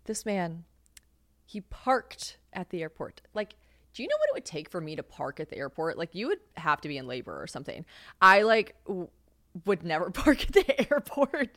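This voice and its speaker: A woman's voice: fairly low pitch, huge pitch swings, normal speed, bright, forceful tone, dry recording, clean studio sound. A young woman hosting a podcast, telling stories in casual solo chat, self-mocking and swearing freely with lots of "like". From United States. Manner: chatty and self-mocking, heavy use of "like", swears freely, laughs often. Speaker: podcast host.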